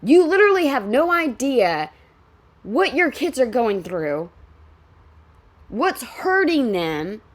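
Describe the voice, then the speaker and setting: A woman's voice: sits high, sing-song, slow pace, long pauses. A woman hosting a reaction video, ranting bluntly and with heavy profanity about a clip from a reality show.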